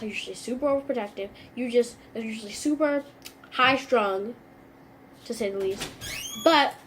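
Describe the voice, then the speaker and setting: Young female vlogger, comic and animated, higher-pitched voice, faint background hiss. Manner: animated, sarcastic, acts out little scenes. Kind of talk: comedic vlog monologue.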